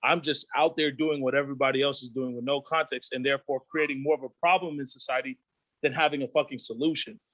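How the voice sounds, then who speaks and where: A man in his thirties, a podcast guest, telling candid stories in a profane, animated way and acting out the voices of his friends. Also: mid-range voice, fast, no room sound, rough recording. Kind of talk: candid storytelling.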